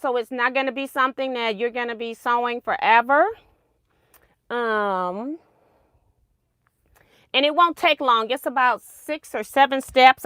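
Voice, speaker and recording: Bright-voiced chatty woman quilting host. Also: a little high, clean tone, no room sound, studio quality. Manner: chatty, rambling, laughs at her own mistakes. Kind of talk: casual livestream tutorial.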